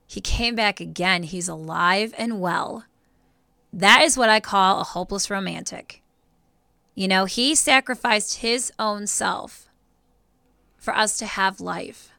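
A woman's voice: fairly high pitch, clear, resonant tone, no room sound, clean studio sound. A woman co-hosting a faith podcast, telling stories with a lot of emotion. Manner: emotional, animated storytelling. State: teary. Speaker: podcast co-host. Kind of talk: casual faith talk.

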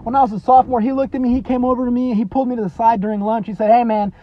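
A man in his thirties with a high voice hosts a motivational podcast. He speaks earnestly and repetitively, tossing in "you know" and "man," and pushes his points harder as he goes. The audio is dry and a little dull, like lo-fi podcast sound. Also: steady tone, racing, no echo. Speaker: podcast host.

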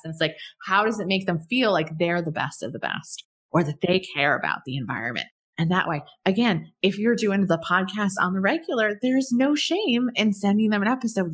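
A woman guest on a podcast, talking about email marketing in a bubbly, animated way, often laughing and acting out examples. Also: mid-range voice. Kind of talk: casual podcast conversation.

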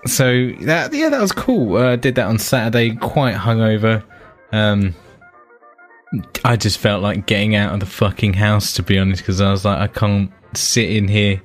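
A man's voice: fairly low pitch, level tone, moderate pace, faint music behind. A man with a British accent co-hosting a gaming podcast, chatting casually and swearing freely. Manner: laid-back, swears freely. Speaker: podcast co-host. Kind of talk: casual chat.

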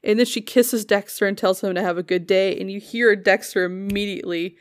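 Woman co-host, mid-range voice, casual recap chat, animated when quoting characters. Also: mid-range voice, fairly quick, slight background noise. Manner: animated retelling of scenes, acting out the lines. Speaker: podcast co-host.

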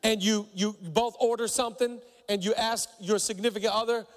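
Man, pastor, middle-aged, high voice, animated sermon storytelling, church hall echo. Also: moderate pace. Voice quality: acts out quoted voices with big pitch jumps. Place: church auditorium. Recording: long hall reverb.

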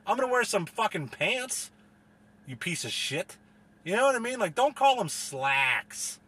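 A man's voice: high voice, very animated, unhurried, bright, forceful tone, slightly rough. A man from the US delivering a profane, rambling, exasperated comedic rant as a solo podcast host.

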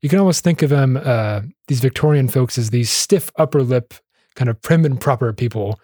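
A man's voice: mid-range voice, normal speed, dark tone, no room sound, clean studio sound. A man co-hosting a casual history podcast, chatty and jokey, laughing often between facts. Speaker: podcast co-host.

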